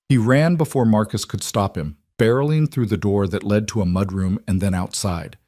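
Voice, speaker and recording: A man giving tense, measured scripted audiobook narration of a crime thriller. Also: lowish voice, a little mellow, no echo, studio quality.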